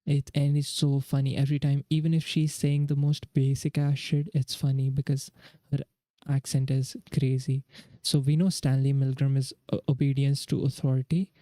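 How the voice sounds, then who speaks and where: A man's voice: mid-range voice, little pitch movement, normal speed, dark tone, no room sound. A young man from India, streaming live and thinking aloud as he works through quiz questions in casual chat. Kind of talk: casual livestream chat while studying.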